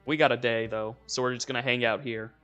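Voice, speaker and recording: A young man narrating as dungeon master in a relaxed, chuckling way. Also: medium pitch, fast, clean tone, faint music behind. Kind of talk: narrating a tabletop game.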